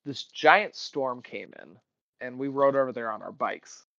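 A man co-hosting a book podcast in a casual chat, telling animated stories with lots of laughs and restarts. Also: mid-range voice, a little slow, vocal fry, no room sound. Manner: animated storyteller, laughs often, trails off into restarts. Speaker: podcast co-host. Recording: dull lo-fi sound.

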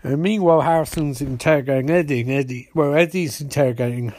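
A man's voice: a little high, fast, a little mellow, no room sound. A man giving a rambling, sarcastic, profane comedic episode recap.

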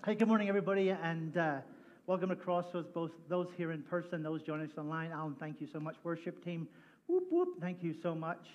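A man with a high voice opens a sermon to his congregation, talking in a chatty, playful, energetic way. His voice comes through a stage microphone, with slightly dull audio. A faint hum of the room sits behind him. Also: brisk. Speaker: pastor. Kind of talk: sermon opening. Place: church hall.

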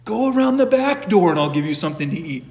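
Male teacher voicing a soft, patient old monk, low-key, long church-hall echo. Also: big pitch swings, fast talker, a little hiss or hum. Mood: gentle. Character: gentle old monk speaking to a bear.

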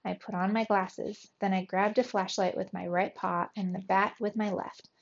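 A woman teacher reading a children's novel aloud to young pupils with clear, expressive storytelling. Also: medium pitch, moderate pace, dull audio.

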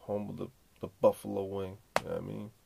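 A man's voice: lowish voice, level tone, fast talker, creaky, noisy background. A man hosting a podcast, giving laid-back, slangy reaction commentary full of swearing and asides. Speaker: podcast host.

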